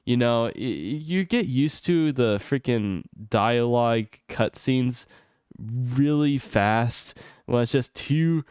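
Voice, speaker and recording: A man streaming an unscripted rant about a video game, exasperated and swearing often, his voice climbing high whenever he gets heated. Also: a little mellow, smooth, no room sound, studio quality. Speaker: gaming streamer. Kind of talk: unscripted ranting stream commentary.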